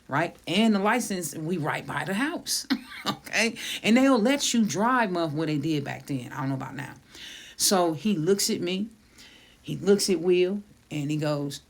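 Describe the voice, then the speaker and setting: A woman's voice: low voice, gravelly. A middle-aged woman comedian telling a profane story, laughing often and acting out the quotes. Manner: laughs through the story, swears a lot, acts out quotes.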